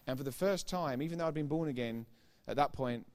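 A man giving a sermon testimony as a preacher, retelling conversations line by line and growing loud and emphatic when he preaches. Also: medium pitch, brisk. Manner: retells dialogue with repeated "I said, he said".

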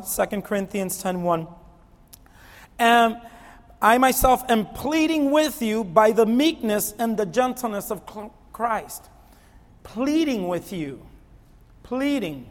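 A man preaching a sermon with a lively delivery that swings from quiet, low stretches to loud, near-shouted pleading. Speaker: pastor. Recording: long hall reverb.

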